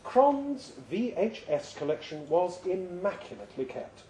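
A man giving a lively, expressive live reading of a short story at a pub event. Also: high voice, measured pace. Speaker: reader. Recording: roomy live venue sound.

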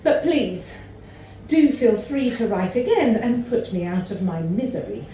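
A woman's voice: medium pitch, very animated, moderate pace, warm tone, a little hiss or hum. Prim woman, echoey and distant. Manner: prim, polite, laughing at times. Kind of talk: comic letter reading. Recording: echoey room from far off.

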